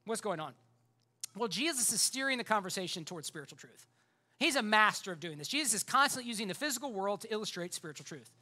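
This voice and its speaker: Male pastor, sermon delivery: quick, bright, impassioned and conversational, leaning on rhetorical repetition. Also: sits high, lively intonation.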